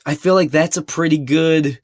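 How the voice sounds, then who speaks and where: A man's voice: fairly high pitch, fairly even intonation, normal speed, dry recording. A man co-hosting a casual podcast, giving joking dating advice and reading out listener letters. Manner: laid-back, joking, advice-giving, puts on silly voices in quotes.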